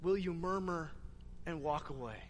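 A man preaching a sermon, retelling scripture in an animated way and pressing the listeners with questions. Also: on the high side, normal speed, big-room sound, a little hiss or hum. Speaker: pastor.

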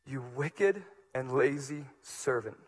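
A man preaching a sermon as pastor, moving between hushed, low passages and loud, emphatic ones. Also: animated, takes it slowly, breathy edge.

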